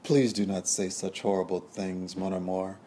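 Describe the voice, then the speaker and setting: A wealthy French sugar baron, lovesick and pleading, pouring out flowery devotion, as a man with a low voice puts him on. He speaks with a formal, romantic courtesy and sounds slightly lifted above the narrator's deep, dark tone. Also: level tone, moderate pace, a little hiss or hum, natural voice.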